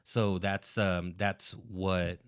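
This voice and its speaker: A man chats as a podcast guest, earnest and thorough, with the odd "um" as he works through his thoughts. His voice sits deep and smooth. The sound is close and dry. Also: little pitch movement, extremely slow, no room sound. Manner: earnest, explains at length with fillers. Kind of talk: casual podcast chat.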